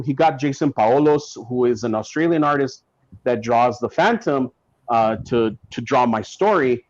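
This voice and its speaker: A man's voice: medium pitch, normal speed, dry recording. Chatty man telling stories, dull audio. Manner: animated, acts out quotes from people in his stories. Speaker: guest comic writer. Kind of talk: casual podcast storytelling. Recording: dull lo-fi sound.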